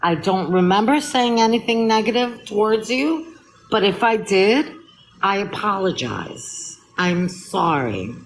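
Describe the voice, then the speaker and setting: A woman's voice: medium pitch, expressive, unhurried, slight background noise, poor audio. A woman with a New York accent on a live stream call, apologizing again and again. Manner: apologetic, repeats herself.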